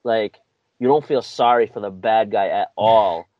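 A man's voice: on the low side, unhurried, dry recording, lo-fi sound. A man hosting a podcast, chatting casually about a film in an easygoing, rambling way. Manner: easygoing, rambling, with lots of fillers. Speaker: podcast host. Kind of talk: casual film-review chat.

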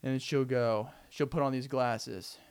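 A man's voice: mid-range voice, steady tone, a little slow, clean tone. A young man hosting a casual solo podcast, rambling animatedly and acting out scenes with frequent laughs. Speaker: podcast host.

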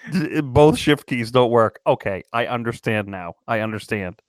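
A man's voice: medium pitch, lively intonation, moderate pace, no room sound. A man with a mid-range voice chats on a podcast, trading wry jokes. His voice is recorded dry and close. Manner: wry, joking banter. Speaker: podcast co-host. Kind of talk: casual chat.

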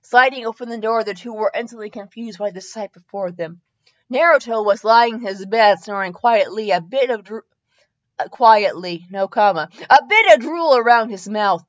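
A woman's voice: on the high side, normal speed, lo-fi sound. Woman reading fanfiction aloud, stumbling over typos. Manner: stumbles, laughs at typos and corrects herself. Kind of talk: comedic dramatic reading with asides.

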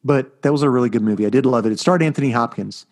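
A middle-aged man co-hosting a casual chat podcast, telling stories in an animated, rambling way. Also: mid-range voice, very fast. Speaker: podcast co-host.

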